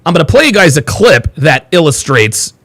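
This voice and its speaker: A man hosting a livestream, talking in a mocking, animated monologue. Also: fairly high pitch, moderate pace, breathy edge. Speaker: host.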